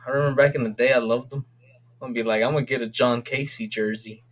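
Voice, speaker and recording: A podcast co-host on a casual sports show rants excitably about his team's games, rambling and swearing as he goes. His voice is medium-pitched, and he talks fast.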